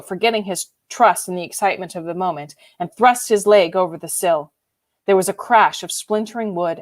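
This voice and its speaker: A woman reading a novel aloud in an expressive, emotionally involved way. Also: fairly low pitch. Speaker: reader. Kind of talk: audiobook reading.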